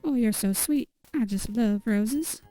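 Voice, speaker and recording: Girl doing a syrupy southern gold-digger gal, coy and slow, kinda high. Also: warm tone, dry recording, soft background music, natural voice, low-quality recording. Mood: sugary. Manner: sugary, coy, drawn-out.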